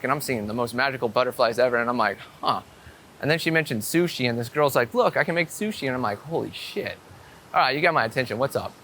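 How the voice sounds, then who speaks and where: Excitable swearing man vlogging outdoors, bright voice. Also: mid-range voice, a little hiss or hum. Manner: excitable, swearing storyteller with many "I'm like" quotes. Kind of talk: casual talk to camera. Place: outdoors on a city street.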